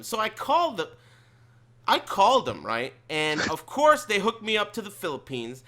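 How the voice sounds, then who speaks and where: A man hosting a casual gaming podcast who tells stories in an animated way and swears while he rants. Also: sits high, normal speed. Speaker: podcast host. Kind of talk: casual chat.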